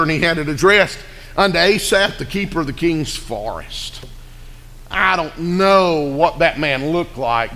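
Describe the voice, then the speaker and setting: A man preaching with a bright, high voice. He tells the story folksy and vivid and keeps calling for amens. The sound carries long hall reverb. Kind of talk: sermon.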